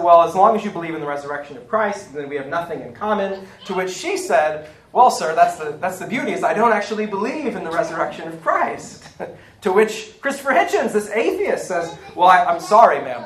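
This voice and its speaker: A man's voice: fairly high pitch, a bit bright. Echoey conversational pastor, male. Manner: conversational, self-correcting, asks "right?" often. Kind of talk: sermon.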